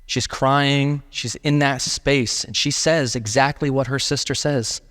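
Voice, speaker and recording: A man's voice: mid-range voice, steady tone, unhurried, a bit bright. Emphatic man preaching in a reverberant hall. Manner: casual, emphatic preaching with fillers. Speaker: pastor. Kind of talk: sermon. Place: church sanctuary.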